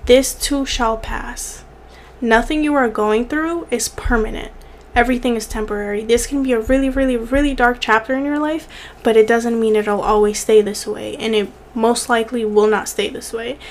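Young woman, vlogger, earnest and tearful at times, repeats for emphasis, slightly high pitch, faint hiss. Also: steady tone, normal speed. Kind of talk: heartfelt direct-to-camera encouragement.

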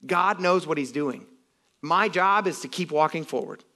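Animated man preaching a casual sermon. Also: a little high, moderate pace. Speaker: pastor. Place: church sanctuary.

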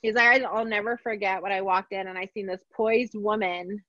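A middle-aged woman telling a personal story in conversation, animated and acting out the voices of others, laughing often. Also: medium pitch, normal speed, dry recording. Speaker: podcast guest. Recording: dull, dry sound.

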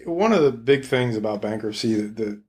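A man's voice: fairly low pitch, expressive, moderate pace, darkish tone. A man, a lawyer, explaining his work thoughtfully in a casual panel chat.

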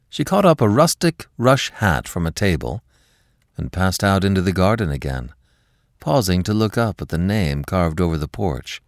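A man hosting a podcast, narrating a classic story in an expressive, dramatic storytelling manner. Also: low voice, moderate pace, dry recording, clean studio sound. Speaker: podcast host and reader.

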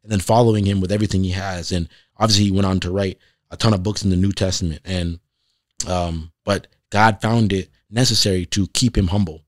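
A man's voice: low voice, steady tone, a little fast, dry recording, studio quality. A man hosting a podcast, giving a casual faith talk and reading scripture, conversational and often asking "right?" for emphasis. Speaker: podcast host.

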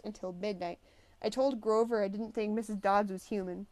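A woman reading a novel aloud as first-person narration, with a lively storytelling delivery. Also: medium pitch, normal speed. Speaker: audiobook reader.

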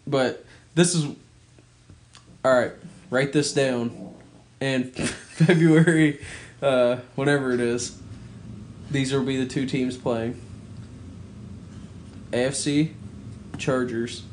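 A man's voice: mid-range voice, fairly even intonation, takes it slowly, pauses often, a little hiss or hum. A man co-hosting a podcast, chatting easily about sports and asking his partner for predictions. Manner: easygoing, asks for predictions. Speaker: podcast co-host. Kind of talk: casual sports chat.

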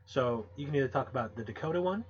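A man's voice: mid-range voice, lively intonation, fast talker, a crowd in the background. A man co-hosting a podcast, chatting in a rambling, laid-back, profane way. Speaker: podcast co-host. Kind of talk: casual chat. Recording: dull, muffled audio.

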